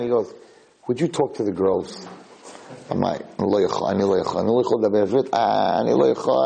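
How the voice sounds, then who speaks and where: A middle-aged American man, a rabbi, giving an animated storytelling lecture and acting out the people in his story. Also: medium pitch, rough recording.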